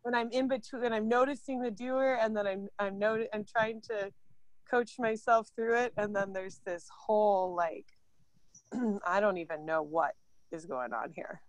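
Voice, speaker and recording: A woman's voice: medium pitch, fairly even intonation, normal speed, dry recording. A woman in a casual spiritual dialogue, speaking in a searching, hesitant way.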